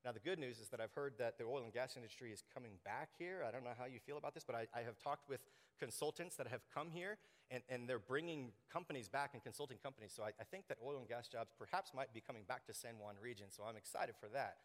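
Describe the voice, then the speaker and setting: A man preaching a sermon to his congregation, animated and joking, acting out quoted voices. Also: medium pitch, fast talker. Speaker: pastor. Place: church sanctuary. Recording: long hall reverb.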